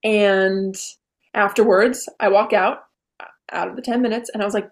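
A young woman in her late teens, a podcast guest, retelling events in a bubbly, animated way with lots of "I was like.". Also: mid-range voice, moderate pace. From Vermont. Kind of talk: casual interview storytelling.

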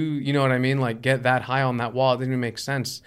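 A man hosting a casual interview, sharing his own stories in an animated, drawn-out way. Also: mid-range voice, smooth.

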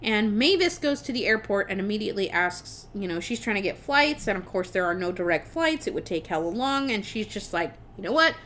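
A young adult woman on a podcast, casually retelling a film plot with lively swearing and laughter. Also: medium pitch, a little fast, hardly any pauses, slight background noise. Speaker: podcast co-host reviewing a film. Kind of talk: casual chat.

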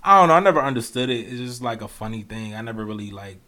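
A man's voice: medium pitch, lively intonation, very fast, pushed and bright. A man co-hosting a podcast in casual chat, hesitant and full of fillers as he shares his view. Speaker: podcast co-host.

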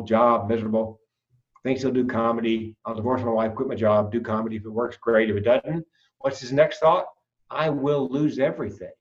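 A man who is a comedian and podcast guest, telling stories in a casual, animated way and acting out the voices in them. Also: medium pitch, recorded from a distance, muffled recording. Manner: animated storyteller, acts out voices. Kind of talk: casual storytelling interview.

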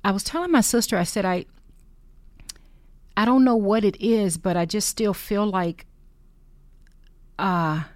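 A woman hosting a podcast, talking unscripted in an earnest, heartfelt way with many pauses. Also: mid-range voice, darkish tone, no echo, studio quality. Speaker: podcast host. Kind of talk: unscripted personal talk.

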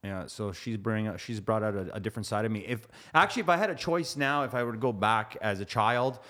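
A man co-hosting a contractors' podcast, an animated storyteller who laughs often in casual chat. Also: fairly low pitch, a little fast. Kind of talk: casual chat and joke telling.

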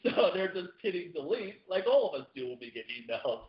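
A man talking fast in a loose podcast chat, words tumbling out and restarting. The room sounds hollow and echoey, and the audio is a bit muffled. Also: sits high. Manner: fast, animated, repeats words when starting sentences. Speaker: podcast co-host.

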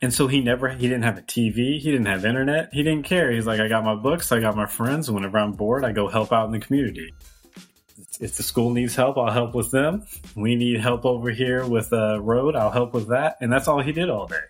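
A man co-hosting a podcast, chatting casually and relaxed, chuckling between remarks. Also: medium pitch, fairly quick, slightly rough, faint music behind. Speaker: podcast co-host. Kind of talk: casual chat.

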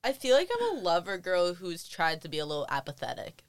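A woman's voice: lowish voice, huge pitch swings, a little fast, smooth, dry recording. A young woman co-hosting a podcast in casual chat, teasing her friend, laughing often and rambling with lots of fillers. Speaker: podcast co-host.

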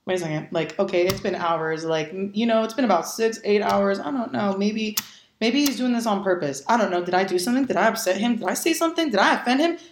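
In an echoey room with slight hiss or hum, a young adult woman of medium pitch chats quickly as a podcast guest. Her casual tales come alive with acted-out dialogue, frequent laughs and free swearing.

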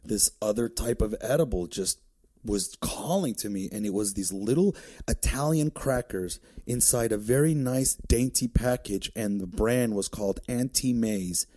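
A male comedian from Detroit telling a story as a podcast guest, profane and excitable, laughing as he talks. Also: fairly low pitch, normal speed. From Detroit, USA. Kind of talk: animated comic storytelling.

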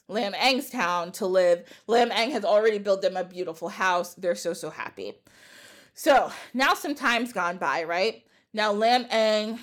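A woman podcast host casually retelling an old epic poem in a lively, laughing way. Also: medium pitch. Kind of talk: casual storytelling chat.

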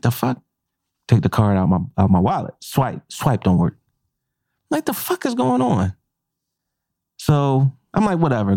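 On the low side and recorded dry in clean studio sound, a man who's a chef and podcast co-host tells a crude story from his job. He's animated and profane, acting out the quotes in casual conversation.

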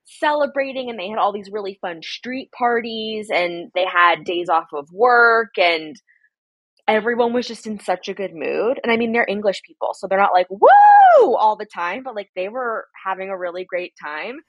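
A woman's voice: mid-range voice, moderate pace, no room sound. Young American woman guest, chatty storyteller; dry, slightly dull recording. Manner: chatty storyteller, acts out quotes in animated voices. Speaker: podcast guest. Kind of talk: casual chat.

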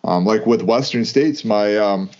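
A man's voice: lowish voice, darkish tone, muffled recording. A man co-hosting a podcast in casual chat, talking loosely with lots of "like" and restarts. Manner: loose, halting talk full of "like" and restarts. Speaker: podcast co-host.

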